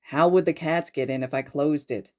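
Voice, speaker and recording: Woman doing a deadpan teenage boy. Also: low voice, normal speed, close to an everyday voice. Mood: dry. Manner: deadpan, teasing. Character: dry, teasing teenage boy. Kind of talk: podfic reading.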